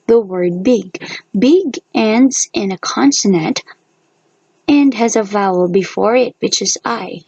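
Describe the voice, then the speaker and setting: A woman from the Philippines with a Filipino accent, teaching a grammar lesson in a slow, deliberate way and spelling out letters. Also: a little high, creaky, darkish tone, dull audio.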